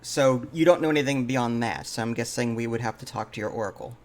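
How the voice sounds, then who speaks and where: A man's voice: medium pitch, fast. A man playing a tabletop role-playing game in casual chat, polite and thoughtful, often hesitating with "um" and answering "I see". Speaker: player.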